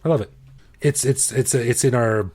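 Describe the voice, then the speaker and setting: A man's voice: medium pitch, normal speed, a little mellow, slightly rough. A man hosting a podcast, talking in an easygoing, playful way and laughing often. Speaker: podcast host. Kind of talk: casual conversational podcast chat.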